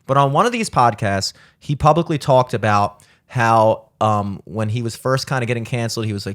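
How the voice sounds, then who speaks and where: A man's voice: mid-range voice, animated, normal speed, hardly any pauses, a bit bright. A young man hosting a podcast, rambling in casual chat with many filler words and frequent swearing. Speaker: podcast host.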